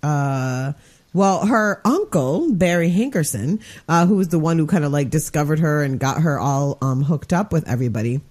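Female podcast co-host, low-ish, wry and dry, conversational. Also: expressive, moderate pace, a little mellow. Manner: wry, exasperated, laughs often. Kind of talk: casual chat.

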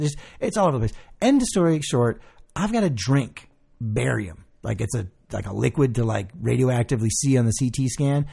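A young man talks fast in a gravelly, husky voice, rattling through an animated story. He swears freely and jumps into the voices of the people he quotes. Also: medium pitch. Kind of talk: casual storytelling chat.

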